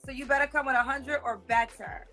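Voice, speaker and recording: A woman's voice: high-pitched, fairly even intonation, a little fast, over music. A woman hosting a talk show, asking incredulous, probing questions.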